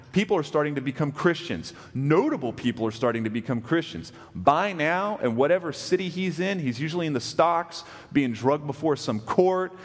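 Texan pastor preaching in a reverberant hall. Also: male voice, a little high. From West Texas. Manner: conversational, asks the congregation questions. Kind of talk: sermon.

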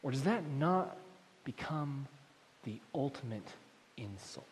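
A man's voice: mid-range voice, slow pace, a little hiss or hum. Man preaching in a reverberant hall. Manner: animated preaching, swings from loud emphasis to quiet asides. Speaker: pastor. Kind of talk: sermon.

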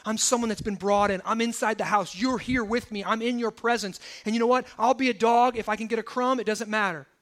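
A man preaching a sermon in a lively, conversational way, acting out the quotes. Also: high voice, fairly quick, hardly any pauses. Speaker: pastor.

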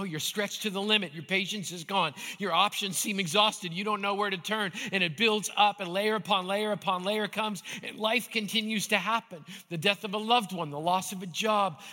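A man's voice: sits high, bright, forceful tone. A man, a pastor, preaching a sermon to a nearly empty church, building repeated refrains with dry humor. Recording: echoey hall.

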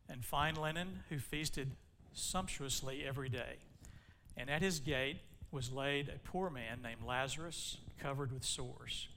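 Folksy pastor telling a joke. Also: male voice, medium pitch, pushed and bright, a little hiss or hum. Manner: folksy joke-telling, then scripture reading. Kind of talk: sermon.

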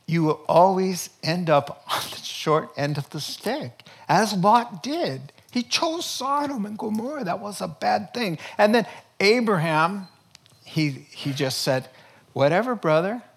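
A man preaching a sermon in an animated, joking way. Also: high-pitched, creaky, breathy edge. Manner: animated, joking preacher, rapid lively delivery. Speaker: pastor.

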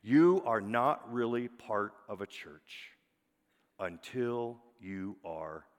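A man preaching a sermon as pastor, emphatic, often dropping to a soft, drawn-out single word for weight. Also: fairly low pitch, expressive. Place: church sanctuary. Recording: long hall reverb.

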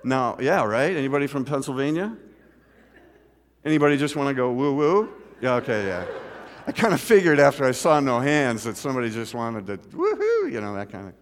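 In a church sanctuary, a middle-aged male pastor preaches a sermon in a medium-pitched voice with lively intonation and a slightly fast pace, telling a story and posing questions to the congregation. The church hall adds long reverb.

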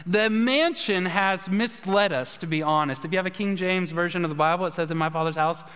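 A pastor delivers a sermon in a relaxed, conversational style, frequently posing questions to his congregation. His voice sits high and moves fairly quickly, with a clean, slightly bright tone. The recording carries the long reverb of a church sanctuary.

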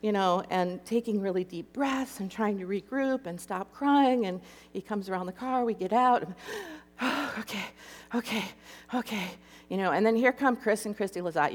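A woman's voice: mid-range voice, moderate pace. A woman telling an emotional personal story to an audience and acting out the voices in it. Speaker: speaker sharing a personal story. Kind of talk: animated personal testimony to an audience. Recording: echoey hall reverb.

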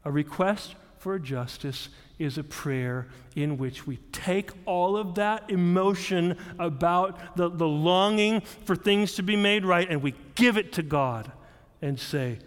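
A man preaching a sermon, earnest, moving between hushed passages and emphatic ones. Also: a little high, takes it slowly. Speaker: pastor. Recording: long hall reverb.

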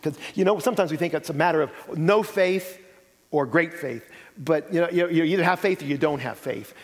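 A man retelling Bible stories in a relaxed conversational teaching style, animated storytelling. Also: fairly high pitch, fairly quick. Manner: animated storytelling, acts out quoted lines. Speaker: pastor. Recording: long hall reverb.

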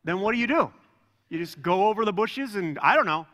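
A man preaching a sermon as pastor, telling stories in a relaxed, joking way. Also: sits high, fairly quick. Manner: conversational, self-deprecating storytelling. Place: church sanctuary. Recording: long hall reverb.

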